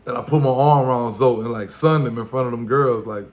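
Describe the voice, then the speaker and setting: A man's voice: mid-range voice, fairly quick, darkish tone. A man with a Louisiana accent telling a story from his past in loose street slang, full of fillers and acted-out quotes. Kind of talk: casual storytelling.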